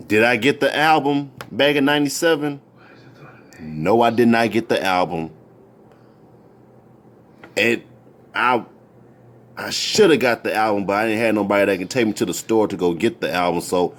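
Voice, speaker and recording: A man in his thirties tells a personal story in loose, casual speech, full of restarts and repeated words. His voice rides up and down over a wide range, jumping high whenever he gets into the story. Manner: rambling, repeats words and restarts, jumps into high excited voices when quoting.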